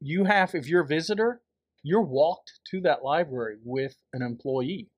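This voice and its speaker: Lively, joking male podcast co-host. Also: a little high, moderate pace, no room sound, clean studio sound. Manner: jokey, teasing, laughs often. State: wired on energy drink. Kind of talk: casual joking chat.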